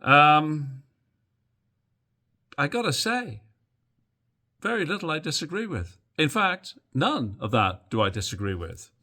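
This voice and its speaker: A man's voice: on the high side, sing-song, slow, pauses often, bright, forceful tone. A man hosting a boxing news channel, giving casual, opinionated commentary to camera with plenty of fillers and asides.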